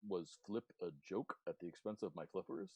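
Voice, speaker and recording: A man's voice: low-pitched, animated, a little fast, darkish tone, breathy edge, dry recording, full character voice. A man doing a courtly cursed seal man. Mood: formal. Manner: stiff, courtly phrasing. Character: formal, eloquent cursed male seal man. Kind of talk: tabletop role-play voice.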